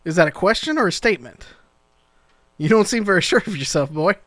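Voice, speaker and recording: A man voicing a suspicious man who questions strangers in a gruff, prying way. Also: high-pitched, animated, a little fast, fairly bright tone, dry recording, clean studio sound, pitched above the performer's own voice. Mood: mocking.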